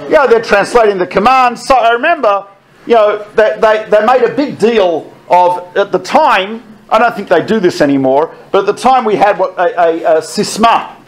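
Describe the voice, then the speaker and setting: A middle-aged man telling army stories to an audience, animated and laughing often as he quotes others. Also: high voice, moderate pace. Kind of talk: storytelling talk.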